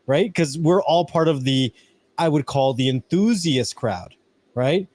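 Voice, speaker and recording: A man's voice: fairly high pitch, expressive, measured pace, darkish tone, dry recording. Chatty man hosting a stream. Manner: conversational, keeps tagging "right?" onto his points. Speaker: podcast host. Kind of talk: casual live-stream chat.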